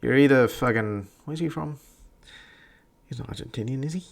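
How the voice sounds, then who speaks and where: Gravelly, blunt man ranting. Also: mid-range voice, normal speed. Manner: blunt, profane, rambling. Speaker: podcast host. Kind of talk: profane opinion rant.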